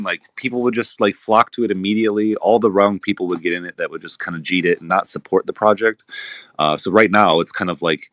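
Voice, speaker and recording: A man's voice: deep voice, a little fast, dry recording. A man hosting a live audio chat room, talking loosely with lots of fillers. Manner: relaxed, rambling, filler-heavy talk. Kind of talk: casual chat. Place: Thailand.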